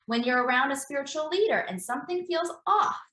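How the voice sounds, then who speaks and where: A woman's voice: sits high, lively intonation, a little fast, bright, forceful tone, roomy sound, rough recording. A woman, an embodiment practitioner, explaining in an earnest, conversational interview, repeating phrases for emphasis.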